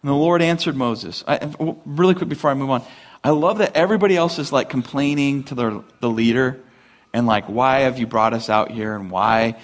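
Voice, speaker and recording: A man delivers a sermon from the pulpit in a relaxed, conversational tone. His voice sits in a middle range. He brings the story to life by acting out the characters in animated voices. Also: mid-range voice, fairly quick. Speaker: pastor.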